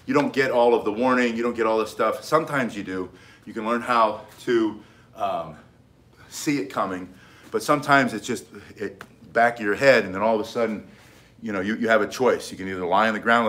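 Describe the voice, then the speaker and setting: A man's voice: lowish voice, fairly bright tone. A middle-aged man teaching self-defense in an emphatic, casual way, hammering home key points and often restarting his sentences. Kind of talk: casual instructional talk.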